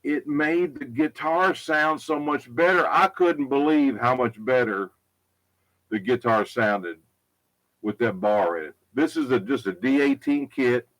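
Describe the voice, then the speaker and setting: A man's voice: medium pitch, unhurried, fairly bright tone, rough recording. A middle-aged man who repairs guitars, talking casually and bluntly, rambling, repeating himself and swearing. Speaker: guitar repair tech and product maker. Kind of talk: casual live product talk. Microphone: unsure where the mic is.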